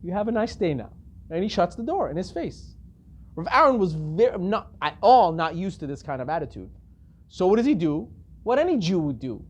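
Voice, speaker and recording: A male rabbi giving a storytelling lecture, animated and acting out the characters as he goes. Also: high voice, moderate pace.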